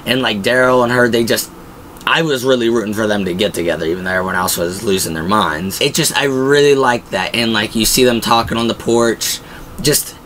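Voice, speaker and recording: A man's voice: on the low side, fairly even intonation, a little fast, a bit bright, a little hiss or hum, poor audio. A young man hosting a show, giving casual, enthusiastic fan commentary in a rambling way full of fillers. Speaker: pop-culture show host.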